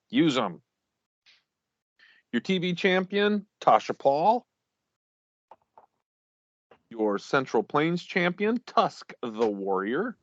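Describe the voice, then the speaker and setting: A man's voice: a little high, very animated, takes it slowly, long pauses, no echo, lo-fi sound. A man co-hosting a casual podcast, reading out league champions while stumbling over names and laughing at himself.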